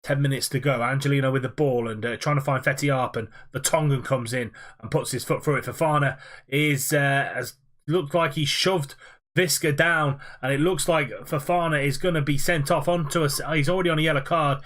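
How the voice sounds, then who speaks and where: A young man giving play-by-play football commentary over his own video game matches, quick and fluent with frequent "uh" fillers. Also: mid-range voice, steady tone, fairly bright tone.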